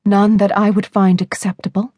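A woman's voice: medium pitch, little pitch movement, moderate pace, darkish tone, no room sound, natural voice. A woman narrator voicing a frightened but defiant young woman who speaks in a hard, clipped tone.

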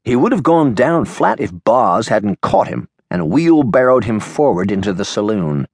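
A male audiobook narrator with a low voice and lively, expressive pitch. He reads in a measured way. The studio recording is dry and close. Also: slightly rough, no echo. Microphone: studio microphone.

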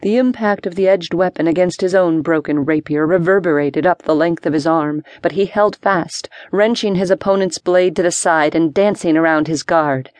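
Brief: female audiobook narrator, lower register, dry close sound. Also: normal speed, few pauses, a little mellow, dry recording. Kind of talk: scripted narration.

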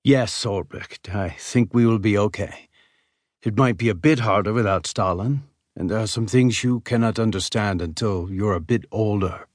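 Man playing a calm, patient father. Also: on the low side, normal speed, no room sound, clean studio sound, lightly acted. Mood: reassuring. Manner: calm, steady explaining. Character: patient father explaining to his small son.

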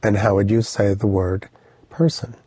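A man teaching an audio language lesson, explaining with lively, vivid storytelling and direct instructions. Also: fairly low pitch, normal speed, slight background noise.

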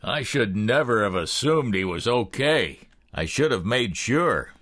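A man narrating a thriller audiobook in the first person with expressive storytelling. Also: mid-range voice, unhurried, no echo, studio quality.

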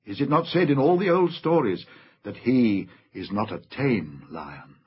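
Man voicing a courtly gentle unicorn. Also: medium pitch, wildly swooping pitch, measured pace, slightly rough, heavily acted. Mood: courteous. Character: loyal male unicorn, calm and courteous. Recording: slightly dull lo-fi audiobook recording.

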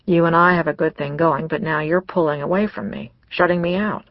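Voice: mid-range voice, steady tone, a little fast, no room sound, lo-fi sound, close to an everyday voice. A narrator voicing an intense man who presses his lover to open up, in an audiobook, speaking insistently. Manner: insistent, then gentle. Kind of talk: audiobook character dialogue.

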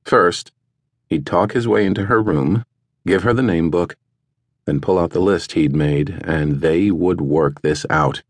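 Male audiobook narrator, deep and measured, close dry read. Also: dry recording. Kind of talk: scripted narration.

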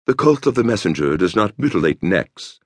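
A man voicing a tall, hooded male cult leader who speaks slowly in calm, stentorian tones. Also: on the low side, slightly rough, no room sound, voice pushed up. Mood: serene.

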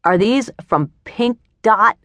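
A woman narrator voicing a furious, foul-mouthed male boss who yells and barks orders in an audiobook. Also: low-pitched, quick pace, no room sound, natural voice. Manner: yelling, barking orders, swearing.

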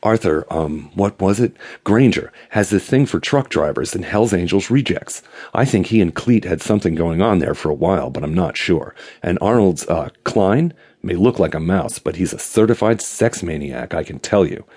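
A male audiobook narrator voicing an excitable, gossipy man with a twittering, breathless way of talking that swings from coy to sharp. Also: low-pitched, normal speed, husky. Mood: eager gossip. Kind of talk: audiobook character voice.

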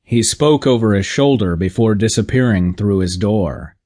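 A male audiobook narrator with a slightly low voice, reading a comic novel in a measured, deadpan way. The delivery is steady and scripted.

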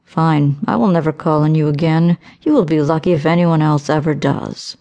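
A woman's voice: steady tone, moderate pace, mellow. A woman doing a suave, smug young suitor. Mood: smooth coaxing. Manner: suave, low, smooth coaxing. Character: smug, manipulative young man, a jilting suitor.

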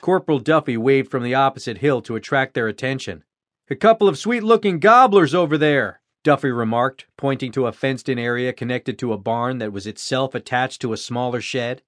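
A man narrating an audiobook in a steady, even reading style. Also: medium pitch, fairly quick, hardly any pauses, dry recording, studio quality. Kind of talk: scripted narration.

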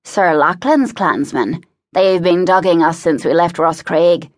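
A woman voicing a rough hired thug who speaks slowly and defensively. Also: lowish voice, lively intonation. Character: rough hired thug, defiant working man.

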